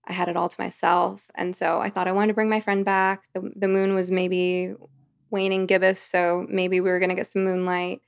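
A woman's voice: fairly low pitch, little pitch movement, normal speed, creaky, clean tone, no room sound. A woman, a podcast guest, telling a long personal anecdote in a rambling, vivid conversational way. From United States. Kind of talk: storytelling in conversation.

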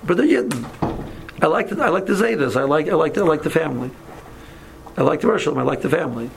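A man, a teacher, casually telling a story to a small group in an animated way, repeating himself, acting out quotes and mixing in Hebrew and Yiddish words. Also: on the high side, fast, creaky, noisy background.

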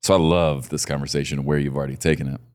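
A man hosting a podcast, chatting casually and warmly affirming his guest, laughing easily as he talks. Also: a bass voice, fairly even intonation, fast talker. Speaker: podcast host. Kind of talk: casual chat.

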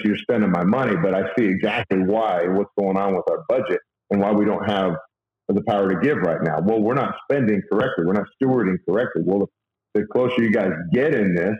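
An earnest man, appearing as a guest, shares faith and money advice in casual conversation. His low-leaning speech is halting, full of fillers and restarts, and the recording sounds roomy and lo-fi.

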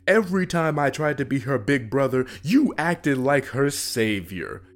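A man's voice: fairly low pitch, sing-song, slow pace, slightly rough, voice pushed up, exaggerated voice. A man voicing an angry dead older brother who speaks through a puppet, bitter and spiteful.

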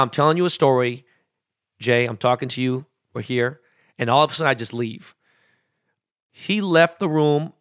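A man, a jeweler and interview guest, telling stories in a slangy, animated way full of quoted dialogue. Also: mid-range voice, dry recording, clean studio sound. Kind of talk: casual storytelling interview.

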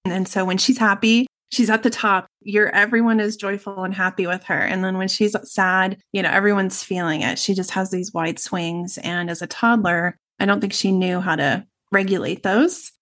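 A woman's voice: mid-range voice, fairly even intonation, normal speed, hardly any pauses, fairly bright tone. A middle-aged woman, a guest in an interview, telling a personal story in a reflective, earnest way and speaking in long runs.

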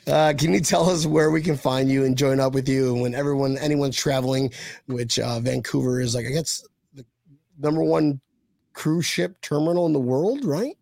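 Joking man hosting, slightly high voice. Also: moderate pace, creaky, a little mellow, dry recording. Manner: joking, teasing, laughs often. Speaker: podcast host. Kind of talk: casual live-stream chat.

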